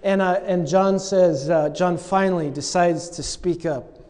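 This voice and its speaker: A man's voice: high-pitched, measured pace, a little mellow, big-room sound. A man preaching a sermon, telling the story with humor and acting out the lines he quotes.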